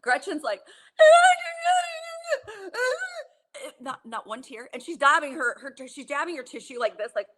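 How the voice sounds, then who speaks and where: A woman co-hosting casual reality TV commentary, exasperated and animated, laughing often as she vents. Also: high voice, a little fast, few pauses. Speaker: co-host.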